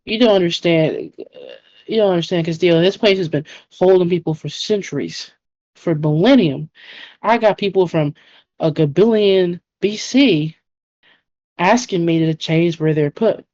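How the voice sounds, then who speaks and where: A woman plays an overworked goddess ruling the underworld, buried in paperwork and short on patience. She barks orders and swears in exasperation in a low voice. The audio is dull and muffled. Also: normal speed, darkish tone, dry recording, lightly acted. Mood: overwhelmed. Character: frazzled goddess Persephone, overworked queen of the underworld, short-tempered.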